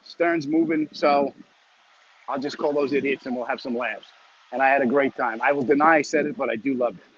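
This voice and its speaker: A man's voice: mid-range voice, fairly even intonation, brisk, breathy edge, muffled recording. A comedian chatting casually with viewers and reading their comments as he walks home, a bit winded, talking into a phone. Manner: rambling, joking, chatty. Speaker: comedian hosting a weekly live chat. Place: outdoors, walking home.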